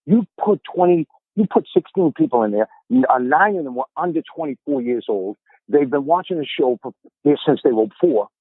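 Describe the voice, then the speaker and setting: A Boston-area man in his fifties, appearing as a podcast guest, tells stories in a casual, rambling way, often repeating words as he begins a sentence. His fairly high voice is expressive and normal in speed, heard with no echo through narrow, tinny audio.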